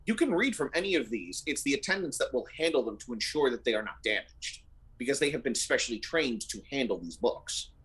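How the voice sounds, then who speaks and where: A man narrating as game master of a tabletop role-playing game, relaxed and descriptive. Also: mid-range voice, brisk, husky. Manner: descriptive, relaxed, uses fillers.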